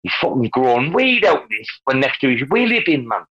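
A man's voice: medium pitch, very animated, brisk, a bit bright, breathy edge. A man, talking in rowdy, rambling, sweary banter as a guest in an online audio chat. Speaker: guest speaker in a crypto audio space. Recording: muffled lo-fi online call audio.

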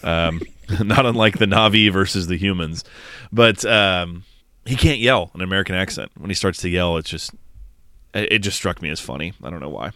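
Deep-voiced man cracking profane movie jokes. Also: normal speed, bright, forceful tone, no echo, clean studio sound. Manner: profane, joking, recaps scenes. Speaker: podcast co-host. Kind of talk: casual movie review chat.

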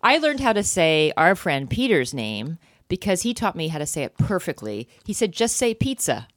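Woman, low pitch, very lively intonation, playful, laughs often, casual chat, dry sound. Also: moderate pace, no echo. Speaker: podcast co-host.

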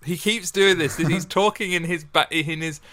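A man's voice: fairly high pitch, normal speed, sharp tone. A man co-hosting a podcast, reading a sonnet aloud and then chatting in a giggly, self-deprecating way. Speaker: podcast co-host. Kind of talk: casual chat and poetry reading. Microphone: headphones and studio microphone.

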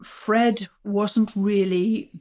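Older woman scientist, measured storytelling, explains things patiently. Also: mid-range voice, fairly even intonation, darkish tone. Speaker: astrophysicist guest. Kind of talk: storytelling interview answers.

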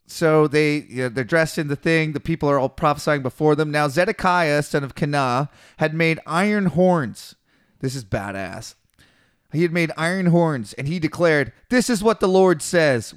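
A man's voice: fairly high pitch, expressive, normal speed, clean tone. A man casually reading a scripture passage aloud and retelling it in slangy, swearing asides, mimicking the figures. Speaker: podcast co-host reading scripture.

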